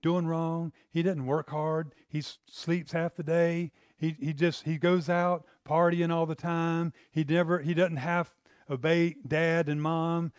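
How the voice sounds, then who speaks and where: A man's voice: fairly high pitch, level tone, a little slow, smooth, dry recording, clean studio sound, voice pushed up, natural voice. A man preaching, acting out a resentful older brother who rants indignantly about being overlooked. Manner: whiny, indignant, ranting.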